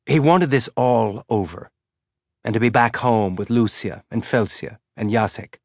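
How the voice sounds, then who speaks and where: An audiobook narrator with a medium-pitched voice reads a story aloud in measured, even, scripted narration. The studio-quality recording has no room sound.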